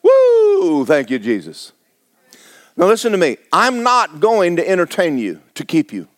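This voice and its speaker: A man's voice: fairly high pitch, wildly swooping pitch, moderate pace, a bit bright, dry recording. A man preaching a blunt, exhorting sermon, firing rhetorical questions at his congregation. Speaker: pastor.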